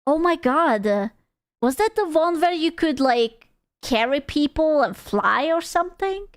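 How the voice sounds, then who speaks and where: A woman's voice: high-pitched, expressive, unhurried, no room sound, clean studio sound. A woman streamer reacting to a video in casual, rambling chat, swearing freely and joking as she goes.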